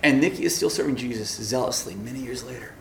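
A man's voice: mid-range voice, quick pace, gravelly, echoey room, a little hiss or hum. A man preaching as a campus pastor, telling a story and acting out both sides of the dialogue with laughs. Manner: animated, acts out dialogue with laughs. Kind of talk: sermon storytelling. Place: lecture room.

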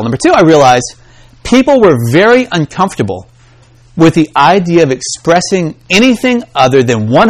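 A man preaching a sermon in an animated way, acting out the voices he quotes. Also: on the high side.

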